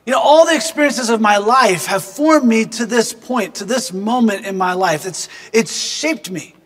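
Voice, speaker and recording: A man's voice: sits high, lively intonation, normal speed, fairly bright tone, in a large hall. A man giving a devotional reflection through personal storytelling. He is earnest and reflective and speaks directly to the listener.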